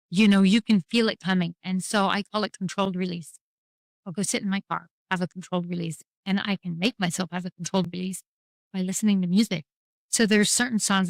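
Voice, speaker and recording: A woman's voice: mid-range voice, dry recording, rough recording. A woman talking earnestly and reflectively about grief in a candid conversation, often restarting her sentences. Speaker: podcast guest.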